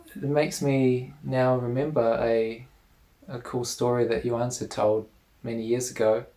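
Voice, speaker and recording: Slow, patient male teacher. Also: medium pitch, dark tone. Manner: measured and patient, explaining step by step. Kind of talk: explanatory lesson.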